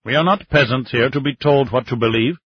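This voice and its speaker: A man's voice: medium pitch, fairly quick, natural voice. A man voicing an agitated government minister who speaks harshly and accuses, on slightly dull, muffled audio. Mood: agitated accusing.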